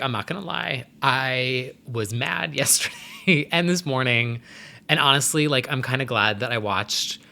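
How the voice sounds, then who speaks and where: A man's voice: medium pitch, pushed and bright. A man vlogging in a casual chat, rambling in a stream-of-consciousness way with frequent "um"s, "like"s and laughs.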